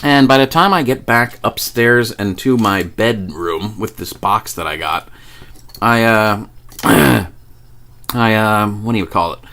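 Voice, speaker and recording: A man's voice: medium pitch, fairly bright tone. A man telling a story to camera in a casual, profane way, laughing often. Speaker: vlogger.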